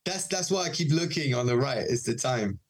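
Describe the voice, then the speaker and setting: Animated man in a casual podcast chat. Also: medium pitch, a little fast, breathy edge. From Israel. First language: Hebrew. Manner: animated storytelling, acts out quoted voices, laughs often. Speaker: podcast guest, DJ and producer.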